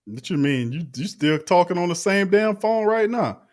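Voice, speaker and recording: Man, slightly high voice, laid-back teasing show host. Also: lively intonation, moderate pace. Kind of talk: casual show banter.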